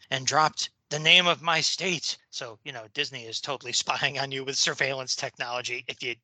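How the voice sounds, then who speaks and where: A man co-hosting a podcast, reading listener mail aloud in a casual, jokey way with quick asides. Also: medium pitch, sharp tone, dry recording. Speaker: podcast co-host.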